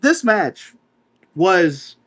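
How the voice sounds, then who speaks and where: A man co-hosting a casual podcast, with a high voice that leaps up and down as he makes his points. He talks emphatically, circling back to repeat himself and filling gaps with stalled "uh"s. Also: extremely slow. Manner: animated, emphatic, repeats himself with many fillers. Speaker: podcast co-host. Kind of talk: casual wrestling podcast chat.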